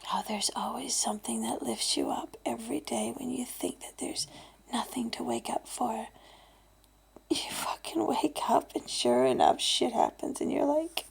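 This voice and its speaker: A woman of fifty talking candidly in a vlog, blunt and swearing, dropping to a hushed breathy voice and then getting loud. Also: fairly high pitch, animated, measured pace, pauses often, whispered. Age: 50s. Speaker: vlogger.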